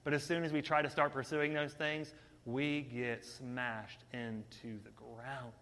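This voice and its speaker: A man preaching a sermon in an energetic, conversational way, talking straight to his listeners. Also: mid-range voice, unhurried, long reverb tail.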